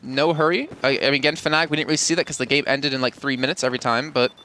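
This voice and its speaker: Bright, fast esports caster. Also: male voice, mid-range voice, fairly even intonation, slight background noise. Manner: chatty, analytical, quick. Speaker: esports commentator. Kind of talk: live color commentary.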